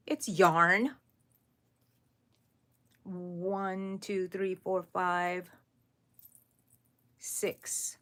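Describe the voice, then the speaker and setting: A woman hosting a live crochet stream, chatting casually with viewers while she works and counting her stitches out loud. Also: mid-range voice, extremely slow, pauses often. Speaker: crochet channel host. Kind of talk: live crochet tutorial chat.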